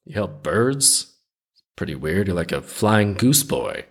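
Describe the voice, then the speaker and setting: Man reading easygoing male Death, shrugging and unbothered, low and husky. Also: sing-song, slow, full character voice. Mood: offhand. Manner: casual, offhand, shrugging. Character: laid-back odd Death in human guise, male.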